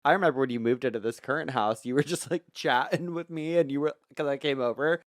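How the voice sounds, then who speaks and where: A man's voice: medium pitch, fast, no echo, clean studio sound. A man in his thirties co-hosting a podcast, playful and teasing, laughing often. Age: 30s. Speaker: podcast co-host. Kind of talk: casual chat.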